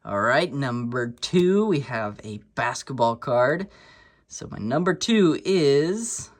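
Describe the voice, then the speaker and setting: A man in his thirties telling childhood stories in a casual vlog, relaxed and rambling, with many fillers and restarts. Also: medium pitch, slow. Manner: nostalgic and self-deprecating. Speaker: sports card collector and channel host.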